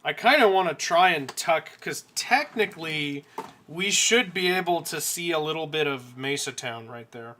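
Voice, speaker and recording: A man live-streaming as he draws a coloring page, quietly talking himself through the work with joking asides. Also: a little high, lively intonation, normal speed. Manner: mumbles quietly to himself while working, jokey asides. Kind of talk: casual live-stream chat while drawing.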